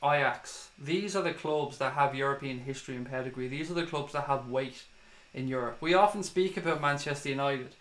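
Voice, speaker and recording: A man's voice: medium pitch, fairly bright tone, roomy sound. A man with an Irish accent hosting a fan livestream, ranting and swearing as he reads out viewer comments. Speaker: fan channel livestream host.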